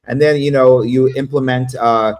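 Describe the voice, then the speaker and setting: A man's voice: medium pitch, steady tone, moderate pace, a little mellow. A man in casual, profane chat on a livestream, rambling through stories and laughing at his own jokes. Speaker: livestream panel guest.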